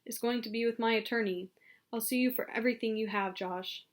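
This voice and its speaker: A woman voicing an angry, blustering older male climbing client who shouts his complaints. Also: a little high, fairly even intonation, brisk, natural voice.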